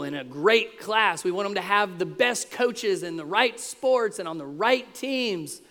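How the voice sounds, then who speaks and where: High-voiced preaching man in a big hall. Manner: animated preaching, acting out voices in quotes. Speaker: pastor. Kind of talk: sermon.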